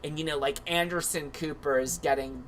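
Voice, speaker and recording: A man's voice: on the high side, steady tone, normal speed, fairly bright tone, slight background noise. A man hosting a livestream, chatting in a campy, comedic way with lots of asides. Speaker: livestream host. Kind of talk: casual comedic commentary.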